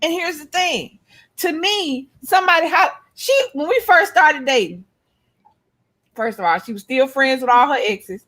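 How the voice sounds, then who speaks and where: A middle-aged woman, telling animated, profane stories in casual chat as a co-host. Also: high-pitched, moderate pace. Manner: animated storytelling, blunt and profane.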